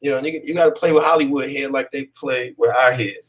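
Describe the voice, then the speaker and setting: A man's voice: mid-range voice, steady tone, fast talker, fairly bright tone. A man, an actor, chatting as an interview guest in a laid-back way, often checking in with his listener. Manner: laid-back, peppers talk with "you know what I'm saying". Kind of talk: casual conversational interview.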